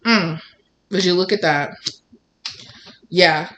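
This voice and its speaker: A woman's voice: lowish voice, slow, fairly bright tone, lo-fi sound, slight background noise. Rambling woman reading tarot. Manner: rambling, many fillers like "like" and "you know". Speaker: tarot reader. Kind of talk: casual tarot reading to viewers.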